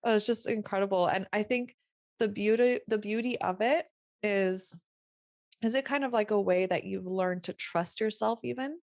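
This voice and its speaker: A woman's voice: medium pitch, normal speed, creaky, no room sound, studio quality. A woman hosting a podcast in casual interview chat, gushing and upbeat, laughing often. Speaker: podcast host.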